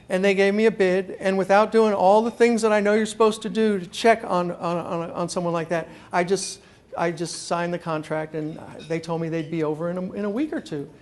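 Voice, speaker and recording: A man giving a talk to a live audience, telling a personal story with lots of energy, acting out the people in it and stumbling over repeated words as he starts sentences. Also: high-pitched. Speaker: consumer columnist giving a talk. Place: meeting room before a live audience.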